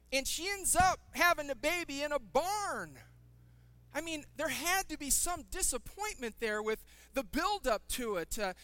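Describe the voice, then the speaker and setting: A man's voice: very high-pitched, bright, forceful tone, smooth, dry recording. A man preaching a sermon as a pastor, telling funny stories and acting out the people in them. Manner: humorous storytelling with shifting character voices.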